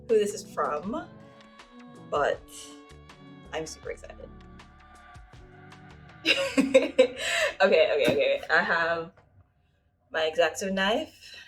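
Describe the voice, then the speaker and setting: A woman vlogging an unboxing, excitable and giggly, talking to herself as she opens gifts. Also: medium pitch. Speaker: manga YouTuber. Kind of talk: unboxing vlog, reading a card aloud.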